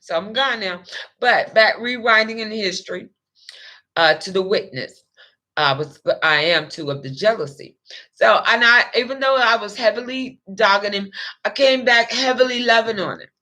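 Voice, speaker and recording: A woman's voice: a little high, moderate pace, pushed and bright. A young adult woman telling a personal story in a rambling, emotional, profane way. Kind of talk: casual monologue.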